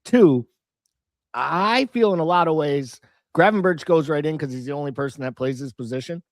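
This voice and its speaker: A man co-hosting a casual football podcast, measured and analytical, laying out his points one by one. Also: a little high, no echo, clean studio sound. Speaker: podcast co-host.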